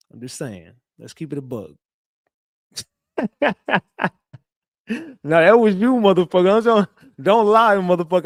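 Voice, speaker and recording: A man's voice: sits high, dry recording, studio quality. A man hosting a casual live commentary stream, rowdy and teasing as he calls out to his chat. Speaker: livestream commentator.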